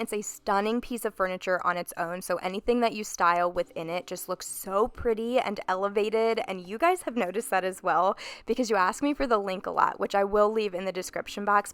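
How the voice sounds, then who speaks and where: A woman's voice: mid-range voice, clear, resonant tone. A woman in her thirties talking through a home makeover in a chatty, enthusiastic vlog voice-over. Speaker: home decor vlogger.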